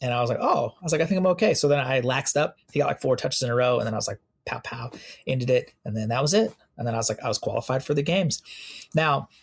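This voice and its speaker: A young American man, a police officer and interview guest, telling animated stories and acting out the exchanges he quotes. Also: mid-range voice, fast. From United States. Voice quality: gravelly, husky voice. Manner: animated storyteller who acts out quoted exchanges. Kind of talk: casual storytelling in an interview.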